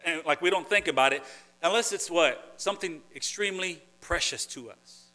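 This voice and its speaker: A man's voice: a little high, normal speed, bright, forceful tone. A man preaching a sermon, earnest and conversational, who often restarts phrases and builds to emphatic points. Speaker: pastor.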